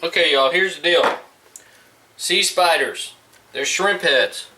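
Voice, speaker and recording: A man's voice: on the high side, slow, bright, forceful tone. A middle-aged man from the Gulf Coast, chatting casually to viewers while he grills in his backyard. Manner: laid-back, chatty, talks to viewers while cooking. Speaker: home cook vlogger. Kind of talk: casual cooking vlog. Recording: roomy sound from a distance, faint background noise.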